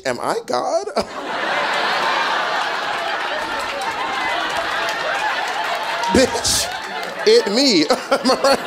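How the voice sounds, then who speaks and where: Animated, sassy male stand-up comic. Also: sits high, background noise. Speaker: stand-up comedian. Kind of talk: stand-up comedy set. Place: comedy stage before a live audience. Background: faint audience laughter.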